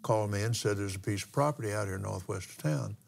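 An older man with a drawl tells a story in an unhurried, folksy way, often pausing and starting his sentences over. His voice sits low and has a gravelly rasp to it. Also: a little mellow, slight background noise. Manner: folksy, drawn-out storytelling with pauses and restarts. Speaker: minister and pilot. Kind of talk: storytelling testimony in a broadcast talk.

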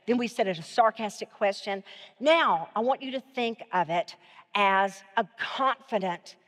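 A woman's voice: medium pitch, in a large hall. A woman preaching a sermon, repeating her phrases and drawing the audience in to answer back. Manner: leads the audience in call-and-response, repeats phrases.

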